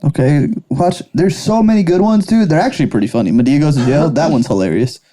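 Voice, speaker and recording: A man co-hosting a comedy podcast, teasing his friends and laughing a lot. His voice is dark and mellow, and it swings widely in pitch as he jokes. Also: animated, fast talker. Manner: laughs often, loud and teasing. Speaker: podcast co-host. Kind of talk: casual comedy chat.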